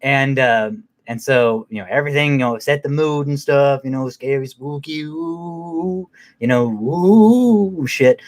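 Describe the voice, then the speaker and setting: A man's voice: medium pitch, fairly even intonation, moderate pace, clean tone. A man giving a casual, profanity-heavy movie recap in a rambling way, with many fillers and restarts. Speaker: movie reviewer.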